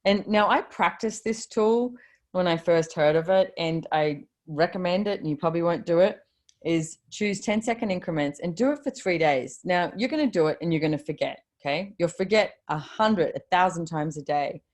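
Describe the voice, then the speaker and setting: Low-voiced woman giving a casual motivational talk. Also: normal speed. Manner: chatty, swears casually, quotes her own thoughts. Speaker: host of a live video call. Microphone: video call.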